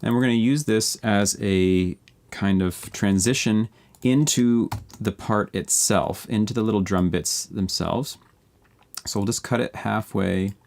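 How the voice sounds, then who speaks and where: A music producer streams himself making a beat live, casually walking viewers through it and thinking aloud while he edits tracks. His voice is lowish and somewhat dark, with vocal fry and an unhurried pace.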